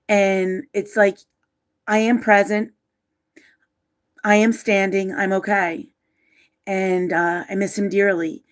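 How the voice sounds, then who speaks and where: A woman hosting a live stream, talking haltingly and emotionally with many pauses and restarts, partly reading aloud from her own writing. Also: medium pitch, flat delivery. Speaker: livestream host.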